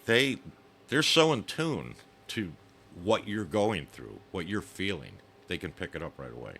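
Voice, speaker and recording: A man's voice: low voice, big pitch swings, a little slow, bright, forceful tone, slight background noise. A man talking as a guest in a casual chat over drinks, blunt and swearing freely. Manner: blunt, profane storyteller.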